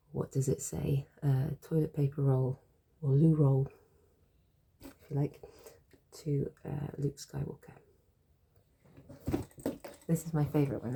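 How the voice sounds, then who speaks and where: A woman with a sore throat, teaching French by patiently explaining silly jokes and repeating each word slowly. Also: sits low, creaky, warm tone, husky.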